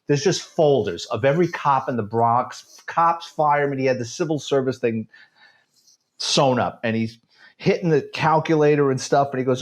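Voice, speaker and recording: In a laid-back interview, a fifty-something American man with a New York accent, once a police detective, spins stories with sarcastic bite and lots of animation. His voice sits in the mid range and moves a little fast.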